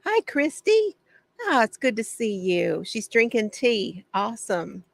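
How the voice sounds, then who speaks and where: A woman's voice: mid-range voice, unhurried, gravelly, dry recording. A woman hosting a casual craft livestream from her home shed, greeting viewers by name, chatty and often laughing.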